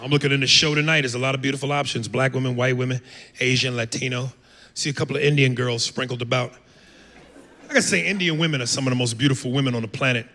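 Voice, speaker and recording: A man doing a brash, profane stand-up set on a comedy club stage, with loud acted-out voices. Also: medium pitch, fairly even intonation, fast talker. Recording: live club with long reverb, noisy.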